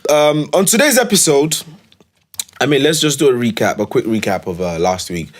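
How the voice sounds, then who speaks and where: A man's voice: medium pitch, animated, moderate pace. A man co-hosting a casual podcast, insistent and teasing, often talking over his partner. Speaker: podcast co-host. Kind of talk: casual chat.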